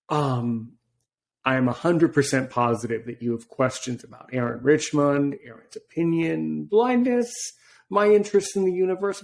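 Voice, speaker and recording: A man's voice: on the high side, darkish tone. A man hosting a podcast interview, talking in a rambling way with tangents. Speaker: podcast host. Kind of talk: casual interview chat.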